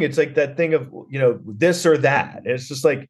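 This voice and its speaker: A man's voice: medium pitch, normal speed, hardly any pauses, slightly rough. A man hosting a podcast, recapping a film in a rambling, sarcastic way, full of fillers and swearing. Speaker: podcast host reviewing a film.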